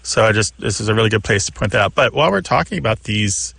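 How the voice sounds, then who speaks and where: A male radio co-host talks through a listener's question in a thoughtful, unhurried way. His voice has a gravelly edge, and the studio sound is dry and close. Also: fairly low pitch, lively intonation, fairly bright tone, dry recording. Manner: thoughtful, explanatory, laughs often. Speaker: radio show co-host, language expert. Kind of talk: casual explanatory radio talk.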